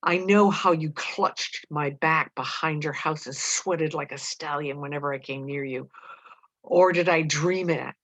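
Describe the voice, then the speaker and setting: A woman voices a bold, scheming teenage girl who coaxes and taunts. The voice is low for a woman and the recording sounds dull and dry. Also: measured pace, a bit bright, dry recording. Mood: pleading.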